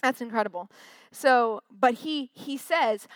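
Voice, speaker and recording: A woman's voice: on the high side, unhurried, dry recording. A woman giving a casual, chatty sermon from a stage, acting out quotes in little voices. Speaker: preacher.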